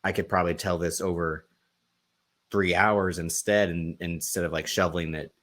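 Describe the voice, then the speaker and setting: Low-voiced man casually discussing TV on a podcast, rambling and chuckling between thoughts. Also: fairly even intonation, normal speed, a bit bright. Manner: laughs often, fills with um and like. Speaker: podcast co-host. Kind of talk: casual chat.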